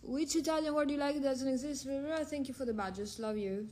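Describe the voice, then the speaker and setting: A woman's voice: high-pitched, normal speed, few pauses, darkish tone, a little hiss or hum. A woman hosting a casual phone livestream, reading out viewer questions and answering them frankly, drifting between languages as she talks. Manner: drifts between several languages mid-stream.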